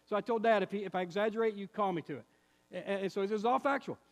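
A pastor in his fifties preaches to his church, telling a story with lively acted-out quotes. His man's voice sits notably high. The sound carries the long reverb of a church sanctuary. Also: fast talker. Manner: animated storytelling, acts out quotes. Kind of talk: sermon with personal story.

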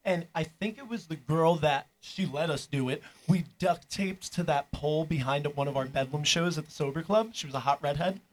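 A man's voice: fairly high pitch, normal speed, hardly any pauses. A young man telling a rambling, profane story in casual chat with a friend.

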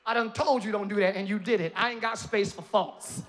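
A male pastor preaching in a church, his voice pitched very high and ringing bright and forceful. He swings from hushed, conversational asides into loud, climbing shouts and teasing humor aimed at the congregation. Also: fairly even intonation, a little fast. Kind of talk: sermon. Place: church sanctuary.

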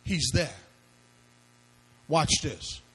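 A man's voice: a little high, lively intonation, drawn-out words, sharp tone, husky. A male pastor preaching a sermon to a congregation, with emphatic call-and-response questions and phrases that he sings out. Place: church before a congregation.

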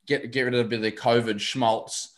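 Relaxed rambling man. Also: mid-range voice, fairly quick, a little hiss or hum. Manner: relaxed, rambling with fillers and restarts. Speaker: guest, confidence coach for men. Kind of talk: casual podcast chat.

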